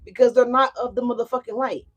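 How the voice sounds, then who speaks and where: A young adult woman gives a casual tarot reading in a fairly high voice. She is lively and profane and speaks straight to her viewers. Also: fast. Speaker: tarot reader.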